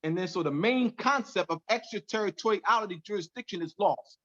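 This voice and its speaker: A man's voice: high-pitched, fairly quick, fairly bright tone. A man teaching a class on a video call, speaking emphatically and repeating key phrases. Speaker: class instructor. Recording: dull lo-fi call audio.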